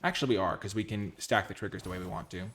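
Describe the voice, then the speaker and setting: A man commentating his own card game matches casually, excitable and full of exclamations. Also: low-pitched, racing, slight background noise.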